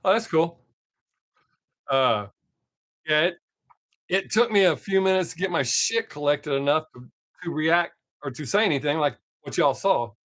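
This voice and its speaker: A man's voice: a little high, expressive, moderate pace, long pauses, a bit bright, dry recording, clean studio sound. A man hosting his own live stream, chatting casually with viewers, reading their comments and swearing freely. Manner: profane, laid-back, talks to chat viewers by name.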